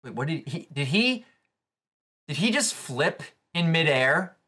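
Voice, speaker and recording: A man giving live reaction commentary on a comic chapter, excitable and thinking aloud with restarts. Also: fairly high pitch, a little slow. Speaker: comic reaction channel host.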